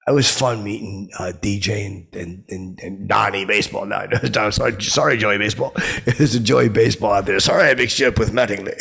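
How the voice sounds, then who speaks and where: A clueless, brash male comic who rambles through his stories and gets loud whenever he quotes himself. The voice is low and gravelly with a husky edge. A man plays him in a comedy podcast. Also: normal speed, heavily acted. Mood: rambling. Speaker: comedy podcast host in character. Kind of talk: rambling comic storytelling monologue.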